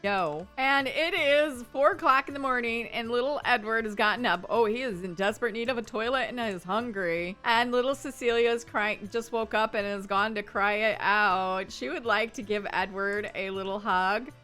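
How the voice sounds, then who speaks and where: A woman's voice: a little high, moderate pace, hardly any pauses, sharp tone, soft background music. A woman hosting a gaming channel, giving chatty let's-play commentary and narrating every move.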